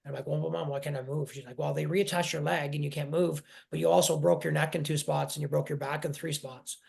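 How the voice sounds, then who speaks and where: Emotional man with a gravelly voice. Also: a little high, steady tone, a little mellow. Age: 40s. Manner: halting, repeats and restarts, emotional. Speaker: guest. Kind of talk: emotional personal storytelling.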